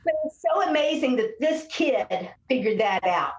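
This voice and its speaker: A woman's voice: high-pitched, moderate pace, crowd noise. A woman, a speech-language pathologist, chatting as an interview guest and telling stories, often acting out what children and parents say. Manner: animated storyteller, acts out quotes of kids and parents. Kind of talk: casual interview conversation. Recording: echoey room.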